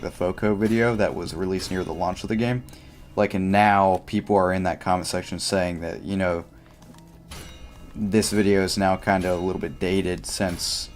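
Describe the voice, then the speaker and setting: A young man talks through his gameplay in a loose, rambling way, leaning on filler words as he thinks aloud. His voice sits very low. Faint game music plays quietly behind him. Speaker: livestreamer. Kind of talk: casual gameplay commentary.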